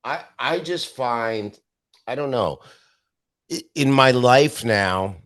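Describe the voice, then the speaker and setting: A man, a stand-up comedian from Canada, telling profane, animated anecdotes as a podcast guest. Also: medium pitch, takes it slowly, no room sound, clean studio sound. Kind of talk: casual storytelling interview.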